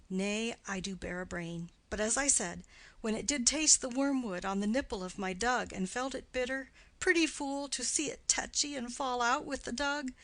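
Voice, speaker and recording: A woman's voice: creaky, dry recording, rough recording. A woman reading as a rambling old nurse. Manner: rambling, high and loud when excited. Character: garrulous old female nurse, rambling, doting. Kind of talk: audiobook play reading.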